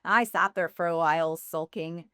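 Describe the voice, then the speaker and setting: A woman in her thirties telling her faith story on a podcast, candid and quick to laugh. Her voice sits a little low, and the sound is dry and close. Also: steady tone, pushed and bright, clean tone, no echo. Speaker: podcast guest. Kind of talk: personal faith testimony.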